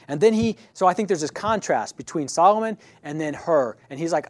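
A man's voice: fairly high pitch, expressive, fairly quick, few pauses, no echo. A man teaching a Bible study class in a conversational way. He keeps checking in with his listeners and often restarts or corrects himself mid-sentence.

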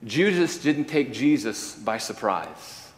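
A male preacher delivering a sermon, swinging from quiet, low statements to loud, emphatic declarations. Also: big pitch swings, takes it slowly. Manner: varies loudness, rising to emphatic declarations and dropping low. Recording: long hall reverb.

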